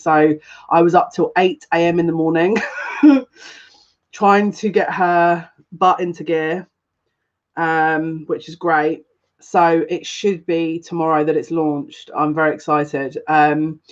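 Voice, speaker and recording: A deep-voiced woman speaks in a recording with the highs cut off. She reads as a psychic on a live stream, rambling in a casual way and calling out viewers by name in turn. Her accent stands out, and viewers compliment it.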